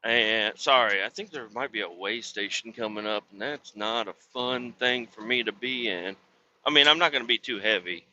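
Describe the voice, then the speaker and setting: A man's voice: fairly low pitch, normal speed, pushed and bright, highs cut off. A man hosting a podcast, telling a rambling, crude story in casual chat with lots of swearing. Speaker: podcast host.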